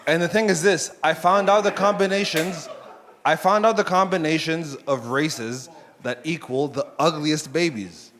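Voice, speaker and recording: A man's voice: a little high, moderate pace, fairly bright tone. A man doing a stand-up set with brash, profane crowd work. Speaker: stand-up comedian.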